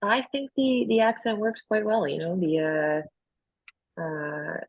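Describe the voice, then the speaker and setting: A woman in a tabletop game session, halting and amused as she chats. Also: on the low side, animated, no echo, muffled recording. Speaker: player. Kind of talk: casual chat.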